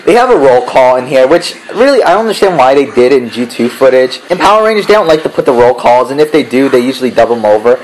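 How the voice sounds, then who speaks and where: A man's voice: mid-range voice, expressive, quick pace, hardly any pauses, slight background noise, poor audio. A man giving a casual spoken review, ranting in an exasperated, profane way. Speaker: show reviewer.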